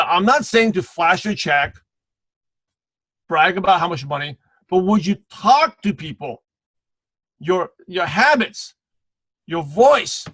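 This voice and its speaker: A man's voice: sits high, a bit bright, no echo, low-quality recording. A man giving a motivational sales training on a live video call, calling out viewers by name and repeating punchy slogans. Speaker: guest trainer.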